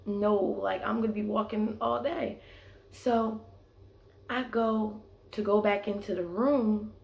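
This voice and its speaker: This young vlogger has a gravelly, medium-pitched voice and takes her time, and the recording's highs are cut off. She tells an animated story in casual slang, full of fillers and "like"s, in an echoey room.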